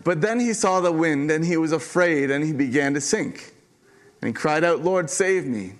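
A man preaching a sermon to his church as pastor, earnest and emphatic, repeating key lines with dramatic pauses. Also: a little high.

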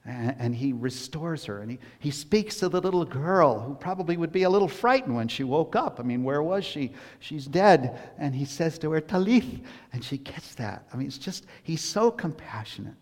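A male pastor giving a conversational sermon that swings between hushed asides and emphatic bursts. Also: on the high side, expressive, normal speed, hardly any pauses, big-room sound.

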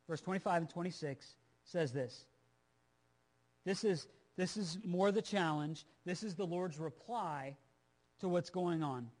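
A male preacher with a noticeably high voice teaches from scripture in an earnest, emphatic way. He doubles back on phrases for stress and turns to his listeners with casual asides. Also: a little slow, a little mellow. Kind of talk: sermon, Bible teaching.

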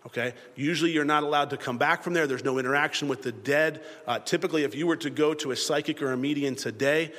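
Animated preacher in a reverberant hall. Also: male voice, fairly high pitch, fast talker, hardly any pauses. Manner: animated, acts out biblical dialogue in voices. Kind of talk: sermon.

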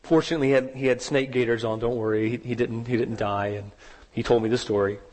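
A man preaching a sermon, telling a story with rising dramatic emphasis and slowing down on key words. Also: mid-range voice, fairly even intonation, darkish tone, long reverb tail. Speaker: pastor.

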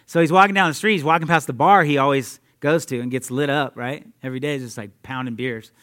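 A young adult man preaching a sermon in an energetic, conversational way, laughing often and talking straight to his listeners. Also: mid-range voice, fast talker. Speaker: preacher at a youth ministry.

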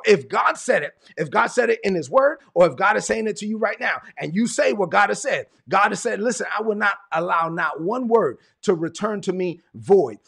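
A man's voice: high-pitched, expressive, normal speed, creaky, few pauses, a bit bright, breathy edge. A man from Brooklyn, preaching a sermon with emphatic, repetitive cadence. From Brooklyn, New York. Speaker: pastor.

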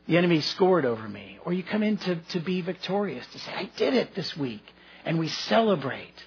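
A man's voice: a little high, husky, dull audio. A man preaching a sermon as pastor, telling folksy stories with self-deprecating humor.

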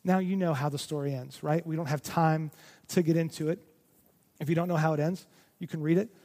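A male pastor preaching a sermon with great passion, moving between loud emphasis and hushed, near-whispered lines. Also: on the high side, fairly even intonation, brisk. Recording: long reverb of a large hall.

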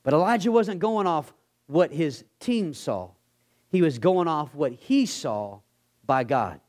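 A male guest pastor, delivering an animated sermon in a slightly high voice that swings widely in pitch. He keeps dropping into quieter, lower voices to act out the people in his story. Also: slow. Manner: animated, acts out bible characters in dropped voices.

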